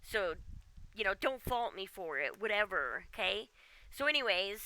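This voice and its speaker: A woman's voice: mid-range voice, very animated, moderate pace, sharp tone. A woman game streamer ranting casually at home, exasperated and often ending with "okay?". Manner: exasperated, keeps tagging "okay?". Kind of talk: casual livestream rant.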